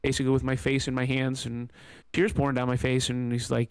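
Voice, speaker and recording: Smooth-voiced man telling a personal story. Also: medium pitch, completely flat delivery, quick pace, darkish tone, no room sound. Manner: candid, emotional, rambling with fillers. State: emotional, close to tears. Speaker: podcast host.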